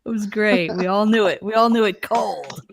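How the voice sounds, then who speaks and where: A middle-aged woman chats casually as a host, animated and quick to laugh. Her voice sits at an ordinary pitch and she tells her stories with plenty of energy. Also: gravelly. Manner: animated storyteller, laughs often. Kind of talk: casual chat.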